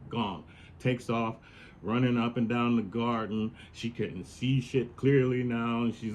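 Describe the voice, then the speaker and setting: A man's voice: mid-range voice, fairly even intonation, unhurried, darkish tone, slight background noise. A man hosting a podcast, retelling a story in a casual, profane, slangy monologue. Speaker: podcast host.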